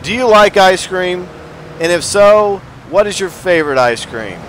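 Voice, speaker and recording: Casting: jokey gamer guy, slightly high voice, narrating his play over loud game car noise. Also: expressive, a little slow. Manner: playful, jokey, talks to viewers. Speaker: let's play host. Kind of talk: casual gameplay commentary. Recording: game sound audible behind the voice. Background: game car and city sounds.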